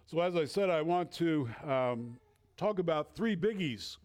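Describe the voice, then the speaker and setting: A man with a northern accent preaching a sermon as a substitute pastor in a church, earnest and measured, with the odd filler. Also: a little high, animated, darkish tone.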